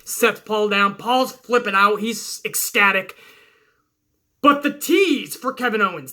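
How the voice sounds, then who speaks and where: Bright-voiced man doing profane play-by-play. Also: sits high, measured pace. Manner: excited, swearing storyteller narrating moves blow by blow. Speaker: wrestling show host. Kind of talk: profane fantasy-booking play-by-play.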